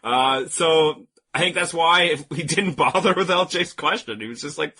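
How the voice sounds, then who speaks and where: A man co-hosting a podcast in casual chat, joking and animated. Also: fairly high pitch, normal speed, few pauses. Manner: joking, animated, does voices when quoting. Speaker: podcast co-host.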